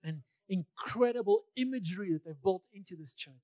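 High-voiced man preaching conversationally. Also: expressive, brisk, darkish tone, no echo. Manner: conversational, repeats phrases for emphasis. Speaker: pastor. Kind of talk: sermon.

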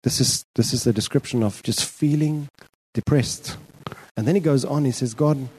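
A male preacher delivers a sermon with a mellow, dark tone. He speaks a psalmist's prayer aloud in the first person with heartfelt intensity. His pitch sits in an ordinary middle range. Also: normal speed, husky, low-quality recording.

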